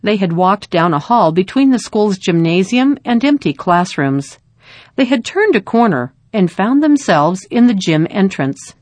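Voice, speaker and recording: A woman reading a story aloud in a calm, measured narration. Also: medium pitch, no room sound.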